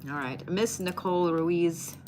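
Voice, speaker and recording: Woman doing live card readings, kinda low voice, chatty, talks right to viewers. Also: measured pace, darkish tone, slight background noise. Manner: chatty, addresses viewers by name. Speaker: tarot card reader.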